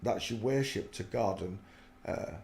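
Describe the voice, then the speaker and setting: A man's voice: lowish voice, unhurried, gravelly, darkish tone. A man giving earnest, preachy spoken commentary on faith, rambling with many fillers, in an echoey room. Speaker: religious video host.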